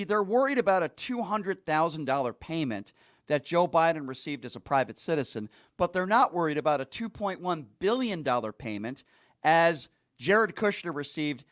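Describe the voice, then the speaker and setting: A man's voice: fairly high pitch, a bit bright. A male host delivering an angry political commentary rant, insulting and heavily emphatic.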